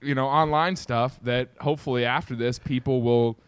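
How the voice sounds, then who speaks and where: A young man, a comedian guest on a video call, telling stories in a casual, animated way and often laughing. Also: mid-range voice, normal speed, smooth, dry recording. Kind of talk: casual storytelling chat.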